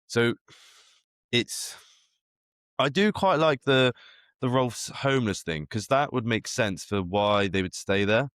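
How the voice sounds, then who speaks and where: A man's voice: mid-range voice, lively intonation, slow, pauses often, fairly bright tone, clear, resonant tone, no room sound, studio quality. A man, co-hosting a podcast and rambling through theories in casual chat, with frequent restarts. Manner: rambling, speculative, full of restarts. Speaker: podcast co-host.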